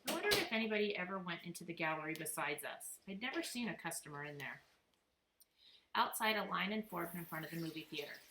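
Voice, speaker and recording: A woman reading a children's book aloud, lively and expressive. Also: on the low side, fast. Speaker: reader. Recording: echoey room, faint noise.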